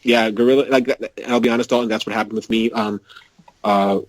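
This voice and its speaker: A man co-hosting a casual gaming podcast, talking in quick animated rants. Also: fairly low pitch, no room sound, poor audio. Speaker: podcast co-host.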